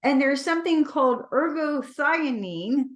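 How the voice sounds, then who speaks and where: A woman hosting an interview, asking measured, prompting questions. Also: on the high side. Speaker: interviewer, medical intuitive healer.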